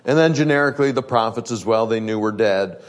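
A male preacher giving a sermon, reading scripture aloud and explaining it in plain conversational words, slowing down to stress his points. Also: on the low side.

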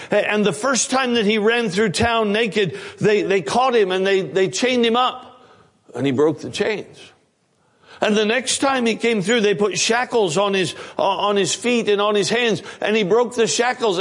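A man preaching a sermon, retelling a story in a lively way and often repeating words as he starts a phrase. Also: sits high. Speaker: pastor.

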